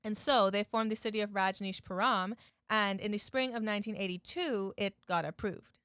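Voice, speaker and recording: Woman vlogger, chatty storytelling recap, middle pitch, dry close sound. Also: normal speed, a bit bright, clear, resonant tone, no echo. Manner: chatty, addresses viewers, many "like" fillers. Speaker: YouTube host.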